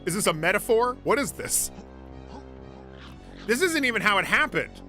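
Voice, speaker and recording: A man streaming a game with excitable, laughing, swearing commentary. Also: high-pitched, moderate pace. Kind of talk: casual gameplay commentary. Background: game music.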